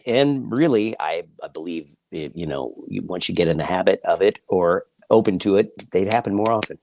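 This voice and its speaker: A man, an author and journalist, talking reflectively in an interview, pausing often with fillers. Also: low-pitched, lively intonation, darkish tone, dry recording. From Kansas City, United States. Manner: reflective, halting with many fillers. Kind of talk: interview conversation.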